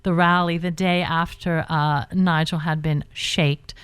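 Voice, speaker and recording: A woman's voice: fairly low pitch, little pitch movement, unhurried, clean tone, no echo. Woman guest on a radio show, rambling and joking about herself, dry close mic. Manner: chatty, self-mocking, many restarts and laughs. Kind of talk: casual radio chat.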